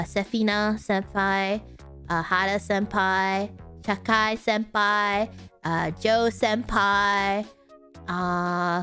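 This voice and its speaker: A woman's voice: medium pitch, fairly bright tone. A woman chatting casually as a streamer, rambling with lots of fillers and restarts, giggling often and apologizing for mispronouncing names. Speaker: streamer answering viewer questions. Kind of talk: casual chat.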